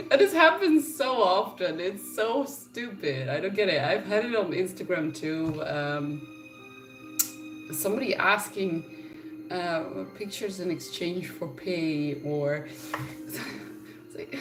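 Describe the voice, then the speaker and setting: Chatty young woman with a lowish voice. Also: expressive, slow pace, music in the background. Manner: chatty, laughs often, exasperated storytelling. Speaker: vlogger. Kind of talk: casual chat to camera.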